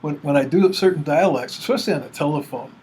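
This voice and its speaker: A man's voice: on the high side, quick pace, a little mellow, slight background noise. An almost eighty-year-old man chatting casually and amusedly, who enjoys doing dialects. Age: older, near 80. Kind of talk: casual chat.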